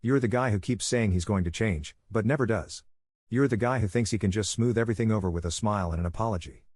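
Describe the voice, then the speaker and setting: A man reading the lines of a weary wife in a scripted story, speaking in a quiet, restrained way. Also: lowish voice, fast talker, no room sound, clean studio sound, natural voice. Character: weary wife ending her marriage, grown woman.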